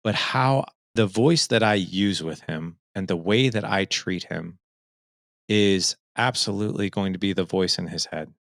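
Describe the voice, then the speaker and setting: A man's voice: deep voice, measured pace, gravelly, a bit bright, no room sound, studio quality. A man in his forties telling a personal story in an earnest, emphatic way, often checking in with "right?". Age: 40s. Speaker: fatherhood coach and podcast host, here a guest. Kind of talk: conversational storytelling.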